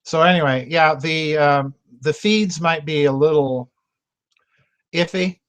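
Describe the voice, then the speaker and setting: A man's voice: fairly high pitch, takes it slowly, fairly bright tone, clear, resonant tone. A man hosting a members' video chat, talking casually, laughing often and repeating himself as he goes. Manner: chatty and self-mocking, laughs often, repeats words.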